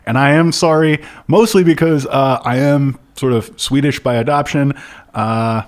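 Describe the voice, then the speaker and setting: A man co-hosts a book podcast with dry, sardonic timing. His voice stays mid-pitched and conversational. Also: moderate pace. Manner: dry, wry jokes. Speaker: podcast co-host. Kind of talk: casual comedic book podcast chat.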